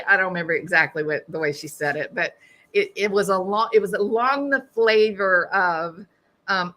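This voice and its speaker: A woman's voice: mid-range voice, moderate pace, bright, forceful tone. A middle-aged woman hosting a true crime live stream, chatting casually, reading viewer comments and laughing at her own jokes.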